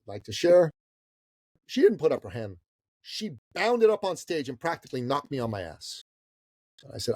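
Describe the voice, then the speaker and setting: A fifty-something man from Iran spins a long anecdote as a podcast guest, his voice leaping up and dropping low as he acts out the moments. He talks casually and bluntly, swearing and tossing in "bro" and "okay?", on a dry close mic. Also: a little mellow, dry recording. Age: 50s. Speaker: guest, business coach. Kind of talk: storytelling in a podcast interview.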